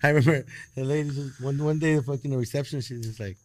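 A man talks quickly and casually in a podcast chat. He rambles and curses, leaning on "you know" and "bro" as he tells a story. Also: medium pitch, fairly even intonation, a little mellow.

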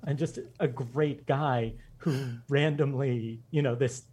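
A man's voice: medium pitch, steady tone, darkish tone, a little hiss or hum. A man guesting on a podcast, telling personal stories with enthusiasm and frequent laughter. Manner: enthusiastic anecdotes, quick, laughing. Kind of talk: storytelling in a casual interview.

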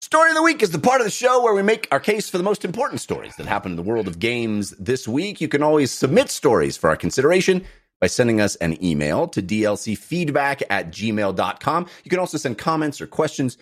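A man hosting a games podcast, joking and rambling through casual chat and segment introductions. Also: medium pitch. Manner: jokey, rambling, warm segment reads. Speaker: podcast host.

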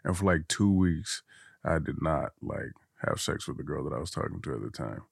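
A young man with a low, husky voice that jumps all over the place as he tells a story. He laughs often and swears casually. The sound is close and dry, with no room around it. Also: animated, brisk, no echo. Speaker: guest co-host. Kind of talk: casual podcast chat.

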